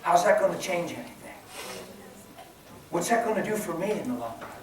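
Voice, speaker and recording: A man preaching a sermon, swinging from hushed, almost whispered words to loud, excited shouting. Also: high-pitched, brisk. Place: large church hall. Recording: echoey hall, voice from far off.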